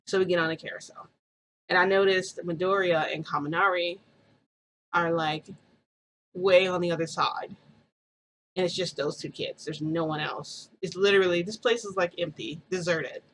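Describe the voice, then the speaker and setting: A woman's voice: fairly low pitch, steady tone, normal speed, a bit bright, a little hiss or hum, poor audio. Rambling woman telling a story. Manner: rambling, full of "like" fillers. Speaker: vlogger. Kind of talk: casual first-person storytelling.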